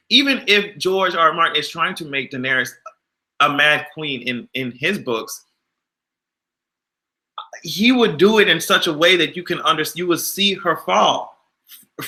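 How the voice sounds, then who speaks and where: A man hosting a casual livestream, animated and exasperated, swearing freely and answering his chat. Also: fairly high pitch, normal speed. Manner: animated, exasperated, profane, talks back to chat. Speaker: YouTube livestream host.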